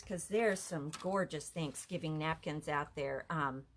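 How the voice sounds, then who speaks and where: A woman's voice: on the low side, slight background noise. A woman leading a live craft lesson from an art center office, chatty and easily amused. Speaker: art instructor.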